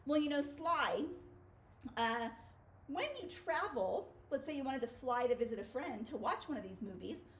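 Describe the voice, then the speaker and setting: A woman's voice: sits high, lively intonation, normal speed. A woman teacher giving a children's phonics video lesson in an upbeat, playful way.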